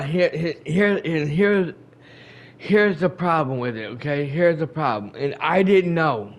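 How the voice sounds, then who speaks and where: A man with a fairly high voice recaps a game for his channel in a loose, chatty way. He circles back over his points and repeats himself as he acts out bits of dialogue. He speaks directly to his viewers throughout. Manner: rambling and repetitive, retelling scenes with quoted dialogue. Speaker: gaming channel host.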